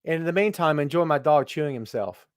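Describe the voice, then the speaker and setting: A man's voice: a little high, expressive, quick pace, dry recording, studio quality. A man hosting a live wrestling talk stream, chatting casually and teasing while he greets viewers by name.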